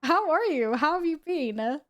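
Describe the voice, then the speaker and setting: A woman's voice: high voice, lively intonation, normal speed, fairly bright tone. A young woman chatting casually with her viewers while gaming at home, giggling and talking to her cat. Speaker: streamer. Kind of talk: casual gaming stream chat.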